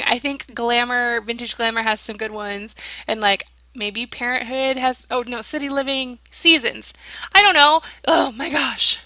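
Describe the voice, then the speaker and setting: A woman's voice: on the high side, steady tone, moderate pace, bright, forceful tone, no room sound. A young woman casually narrating her video game build in a rambling, giggly, self-deprecating way, sounding tired. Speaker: gaming channel host. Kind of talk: casual voice-over commentary on a build.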